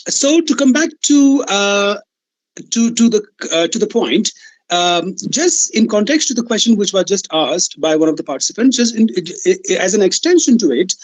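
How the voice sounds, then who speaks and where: A man's voice: high-pitched, no room sound, low-quality recording. A man from Maharashtra asking a question on a video call while traveling, formal and polite, rambling with many restarts. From Maharashtra, India. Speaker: symposium participant. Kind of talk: online audience question.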